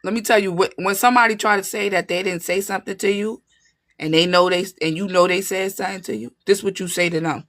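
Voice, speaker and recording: A woman's voice: medium pitch, animated, quick pace, a bit bright. A woman giving a casual tarot reading to her viewers, talking in an emphatic, streetwise way and often checking in with her listeners. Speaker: tarot reader.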